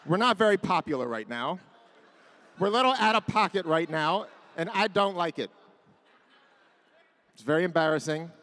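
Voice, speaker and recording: A man's voice: a little high, lively intonation, moderate pace, pauses often, a bit bright, big-room sound. A man in his thirties doing a self-deprecating stand-up set on a club stage. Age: 30s. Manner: self-deprecating, acts out his parents' voices. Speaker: stand-up comedian. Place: comedy club stage with a live audience.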